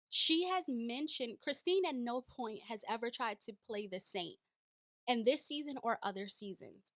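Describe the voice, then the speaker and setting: A woman's voice: high-pitched, no room sound. Emphatic woman reviewing reality TV. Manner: animated, emphatic, rhetorical questions. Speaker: reality TV commentator. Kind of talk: casual reaction commentary.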